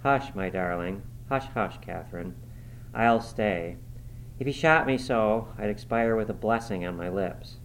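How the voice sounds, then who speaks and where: A man's voice: unhurried, slight background noise, lightly acted, rough recording. A man voicing a brooding, anguished lover. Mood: tender. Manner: low, intense, urgent.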